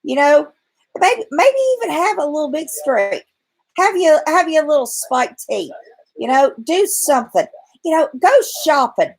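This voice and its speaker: A woman's voice: sits high, expressive, normal speed, creaky, low-quality recording. A profane, blunt woman ranting. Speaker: vlogger. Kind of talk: ranting vlog to camera. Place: at home in bed.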